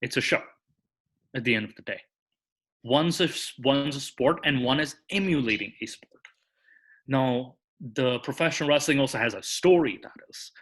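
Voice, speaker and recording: A man's voice: mid-range voice, moderate pace, a bit bright. A man, a podcast guest, explaining at length in casual chat, restarting sentences and tacking "that is" onto his points. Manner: rambling, restarts, tags sentences with "that is".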